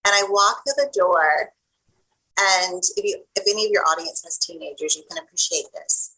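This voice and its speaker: Bright, husky-voiced woman telling a story. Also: on the low side, moderate pace, poor audio. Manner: animated, acts out the voices of people in her stories. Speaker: guest coach. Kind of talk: personal storytelling in an interview.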